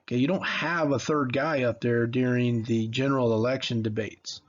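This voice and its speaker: A man's voice: mid-range voice, fairly even intonation, normal speed, highs cut off. A man in his forties from Mississippi, giving a casual history lecture in a conversational, rambling way, with many fillers and restarts. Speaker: history teacher.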